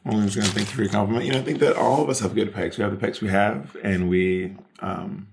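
A man's voice: lowish voice, fairly even intonation, fast, creaky, noisy background. A man co-hosting a podcast in casual chat, insistent and repeating his points as he argues. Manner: insistent, repeats himself while arguing. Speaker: podcast co-host.

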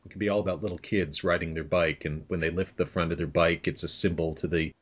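A man's voice: deep voice, steady tone, fast talker. A man hosting a podcast, chatting casually and joking and teasing his guest. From Canada. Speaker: podcast host. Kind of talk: casual chat. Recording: dull lo-fi audio.

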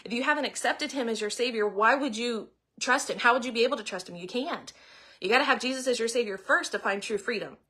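A woman's voice: on the high side, fast, bright, forceful tone, husky. A middle-aged woman giving an earnest devotional talk full of rhetorical questions. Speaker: ministry speaker.

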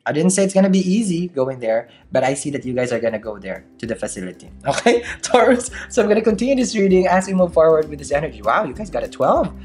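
Tarot reader, solo to camera. Chatty, laughs a lot, slight accent, mid-pitched voice. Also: sing-song, fast talker, few pauses, darkish tone, soft background music. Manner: chatty, laughs often, keeps asking "okay?". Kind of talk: casual daily tarot reading to camera.

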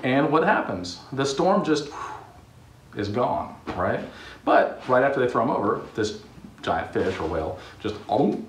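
A man's voice: medium pitch, very animated, unhurried, reverberant, distant mic, a little hiss or hum. A man hosting a video, telling a Bible story in a playful way and acting out the characters' voices. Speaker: host.

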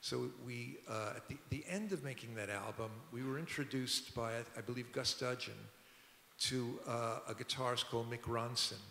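An older man, a record producer and musician appearing as a guest, tells rambling anecdotes at a public talk in a museum auditorium, conversational and often restarting. His medium-pitched voice is bright and forceful, with fairly even intonation and a moderate pace. The echoey hall carries slight background noise.

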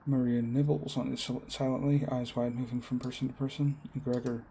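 A man reading a game's story text aloud in a plain, even way, with small slips. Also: mid-range voice, brisk, creaky, a little hiss or hum. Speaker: gamer.

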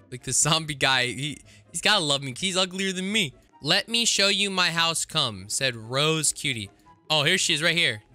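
Silly hyper guy narrating his game, bright voice, bounces all over. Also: high-pitched. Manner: goofy, hyper, joking. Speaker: gaming YouTuber. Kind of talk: comedic gameplay commentary.

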